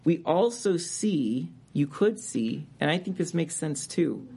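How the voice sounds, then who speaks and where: A man's voice: a little high, animated, slow pace, gravelly, warm tone, husky. A man preaching a sermon as a pastor, reading scripture aloud and rising in emphasis on key words.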